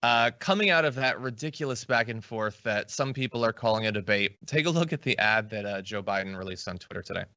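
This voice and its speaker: A man's voice: on the low side, lively intonation, a little fast, few pauses, sharp tone, no room sound. A man hosting a political commentary show, talking in a casual, wry way. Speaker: host. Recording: dry, dull lo-fi sound.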